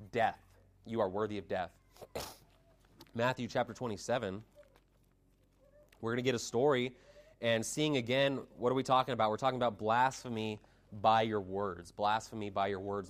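A man delivers a sermon, reading scripture aloud and breaking off to explain it. His mid-range voice jumps up in pitch and volume on the words he stresses, then drops low and quiet. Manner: emphatic, dynamic pitch swings, reads scripture aloud. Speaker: preacher.

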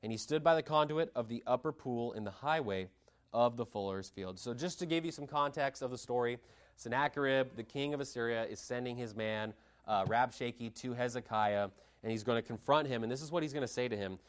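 A man delivers a sermon, reading scripture aloud and breaking off to explain it. His mid-range voice jumps up in pitch and volume on the words he stresses, then drops low and quiet. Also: fairly quick. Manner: emphatic, dynamic pitch swings, reads scripture aloud. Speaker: preacher.

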